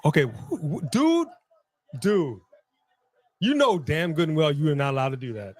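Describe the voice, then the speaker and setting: Man, live watch-along co-host, playful trash talk, raised pitch, lively swings. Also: moderate pace. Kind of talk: live reaction chat.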